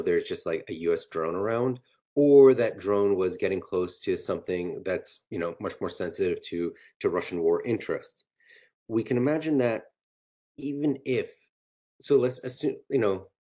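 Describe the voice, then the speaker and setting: A man with a very low voice hosts an analytical panel discussion. He reasons through scenarios out loud in a measured way, with frequent fillers. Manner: measured, thinking aloud with fillers.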